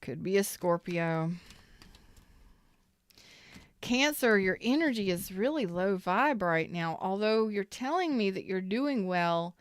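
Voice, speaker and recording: A woman's voice: medium pitch, lively intonation, a little slow, few pauses, smooth, no echo. A woman, hosting a casual, salty tarot reading and talking straight to her viewers. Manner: chatty, salty, talks to viewers as y'all. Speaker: tarot reader, channel host.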